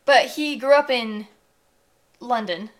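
A young woman co-hosting a podcast in casual chat, rambling with lots of fillers and animated outbursts. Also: on the high side, slow pace. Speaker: podcast co-host.

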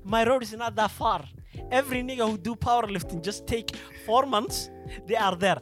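A man's voice: high-pitched, moderate pace, a bit bright, soft background music. A man in his twenties chatting casually on a podcast, laughing and swearing. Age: 20s. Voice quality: laughing, profane banter. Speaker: podcast host. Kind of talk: casual chat.

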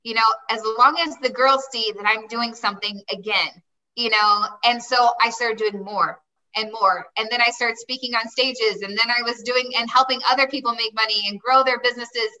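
A woman's voice: on the high side, fairly even intonation, normal speed, bright, forceful tone, far from the mic, poor audio. A woman guest telling her life story in a chatty way, often quoting herself and saying "like". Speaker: interview guest. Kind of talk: personal storytelling.

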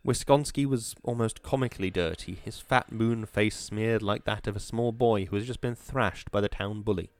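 A man reading an audiobook in a measured, atmospheric storytelling manner. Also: fairly low pitch. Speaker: narrator. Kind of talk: audiobook narration.

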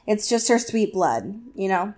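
A woman co-hosting a casual podcast, recapping a novel chapter with lots of fillers and quick asides. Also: mid-range voice, big pitch swings, a little mellow. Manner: chatty, filler-heavy, acts out characters in quick asides. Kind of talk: casual chat.

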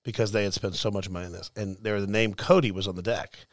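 A pastor with a somewhat low voice talks through an old story in a relaxed chat. He speaks deliberately and leans on his words with dry emphasis. The recording is close and dry. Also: no room sound. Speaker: pastor and mentor.

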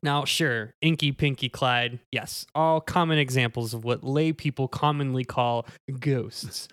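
A man's voice: mid-range voice, fairly even intonation, a little slow, a bit bright, clear, resonant tone, no room sound, studio quality, natural voice. A man playing a pedantic podcast owner who lectures on demons in a mock-authoritative tone, in an improvised comedy bit. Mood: pompous. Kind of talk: improvised comedy role-play.

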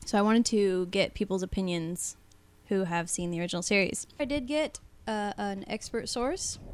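A woman hosting a casual podcast, playful and chatty, with quick asides. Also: mid-range voice, clear, resonant tone, no room sound. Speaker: podcast host.

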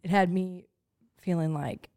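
A woman's voice: fairly low pitch, fairly even intonation, unhurried, mellow. A young woman co-hosting a podcast in casual chat, blunt and joking, swearing freely. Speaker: podcast co-host.

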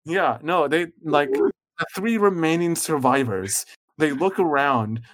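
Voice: mid-range voice, measured pace, slight background noise. A game master casually narrating a tabletop game, hesitant and prone to fillers.

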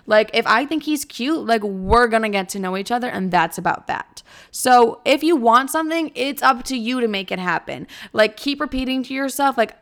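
A woman's voice: on the high side, animated, brisk, vocal fry, hardly any pauses, a bit bright. A young woman chatting casually to camera in her apartment, giving bold dating advice in a cocky, profane way, full of "like.". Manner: brash, cocky, profane, lots of "like". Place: apartment at home.

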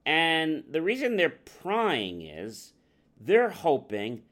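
A man's voice: a little high, huge pitch swings, very slow, fairly bright tone. A male talk show host giving sales advice in a conversational, explaining manner. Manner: conversational, explaining, uses fillers. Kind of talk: advice talk with acted-out examples.

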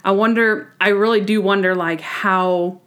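A woman chatting casually on a podcast, recapping a TV episode with animated enthusiasm. She keeps breaking into quick impressions of the characters' lines, full of fillers and restarts. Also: mid-range voice, clean tone. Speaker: podcast co-host.

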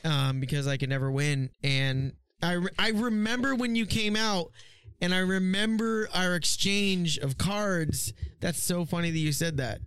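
A man's voice: high-pitched, measured pace, a bit bright, clean tone, dry recording. A man co-hosting a podcast, chatting in a laid-back, profane way about his childhood hobbies. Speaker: podcast co-host. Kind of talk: casual chat.

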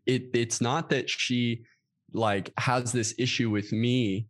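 A man co-hosting a casual talk about relationships, earnest and animated as he explains. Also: medium pitch, no echo, clean studio sound. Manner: earnest, animated storytelling with quick asides.

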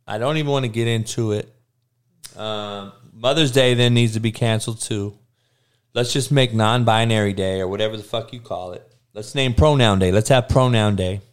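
A man ranting casually to his viewers, heated and profane, with slangy talk and stuttered restarts, dropping to low mutters and then bursting out loud. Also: normal speed, smooth. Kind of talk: casual profane rant to camera.

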